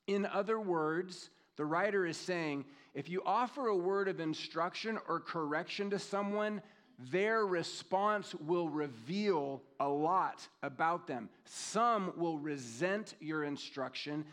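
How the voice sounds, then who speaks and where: Middle-aged male pastor, slightly high voice, conversational sermon delivery, slows down for scripture. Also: fairly bright tone. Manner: conversational, reflective, reads scripture slowly.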